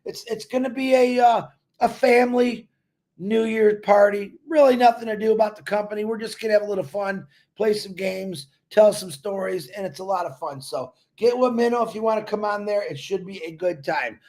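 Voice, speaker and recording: A man's voice: high-pitched, normal speed, darkish tone. A man giving a fervent, preachy motivational talk on a livestream, repeating words for emphasis. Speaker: company leader on a livestream.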